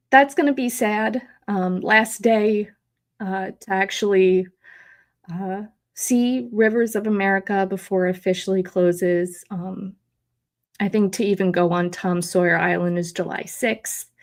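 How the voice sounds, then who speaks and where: Slow-talking, emotional woman stream host. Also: mid-range voice, steady tone. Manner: emotional, rambling with many fillers, reads chat aloud. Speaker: host of a live theme park stream. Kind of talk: live stream chat.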